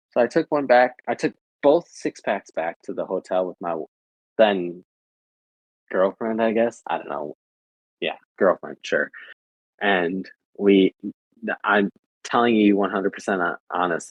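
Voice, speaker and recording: A man's voice: on the low side, husky, no echo, highs cut off. A young adult American man chatting casually with viewers, rambling and repeating filler phrases. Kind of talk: casual chat.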